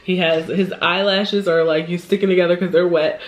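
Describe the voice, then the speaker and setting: A woman's voice: fairly low pitch, fairly quick, low-quality recording. A woman sits at home with a plate in front of her and tells her viewers a long story. She keeps it loose and conversational, laughs often, and drops into other people's voices as she retells what they said. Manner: chatty, animated, laughs often, acts out quoted voices. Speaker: vlogger. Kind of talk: casual storytime while eating. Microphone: camera mic.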